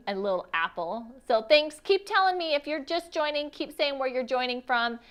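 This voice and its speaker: A woman's voice: high voice, animated, moderate pace, a bit bright. A woman hosting a casual live stream, chatty and giggly as she greets viewers and runs a giveaway. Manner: chatty, giggly, reads viewer comments aloud. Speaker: livestream host.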